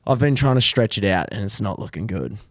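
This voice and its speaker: A man's voice: on the low side, animated, a little fast, a bit bright, no room sound, studio quality. A man with an Australian accent, co-hosting a podcast in a laid-back, joking way. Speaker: podcast co-host. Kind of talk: casual chat.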